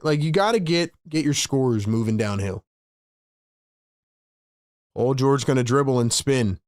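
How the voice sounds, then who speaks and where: Giving hyped play-by-play to his chat on a fan stream, a man with a mid-range voice erupts now and then into sudden loud bursts of excitement. The recording is dry and studio-grade.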